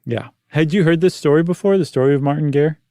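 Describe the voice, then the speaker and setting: Middle-aged guy cohosting a podcast, kinda high-pitched, cracks self-deprecating jokes, dead dry room. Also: fast, mellow, no room sound. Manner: joking, self-mocking banter. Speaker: podcast co-host. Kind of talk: casual chat.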